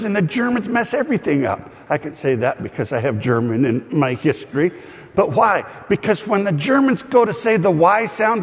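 A man preaching as a pastor, teaching in a conversational way with humorous asides and frequent fillers and restarts. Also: on the high side. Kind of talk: teaching sermon. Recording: long hall reverb.

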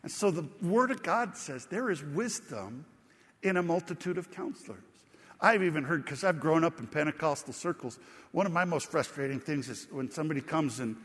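Male pastor, conversational storyteller, a touch high-pitched, reverberant church hall. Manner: conversational storytelling preacher, animated emphasis. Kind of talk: sermon.

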